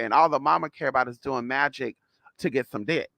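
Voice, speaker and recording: A man's voice: mid-range voice, normal speed, gravelly, sharp tone, no room sound. A man telling a story to his viewers in a sassy, blunt, casual way, calling them girl and honey. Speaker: spiritual vlogger.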